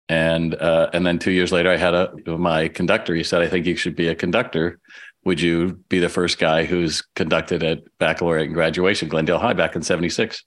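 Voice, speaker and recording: A man's voice: deep voice, fairly bright tone. A man in his sixties, hosting an interview in a conversational, reflective way, now and then cutting in. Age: 60s. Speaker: interview host. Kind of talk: casual interview chat.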